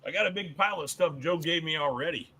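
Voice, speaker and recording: A man's voice: a little high, fast talker, bright, forceful tone, a little hiss or hum. A man chatting casually and jokingly on a stream. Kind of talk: casual chat.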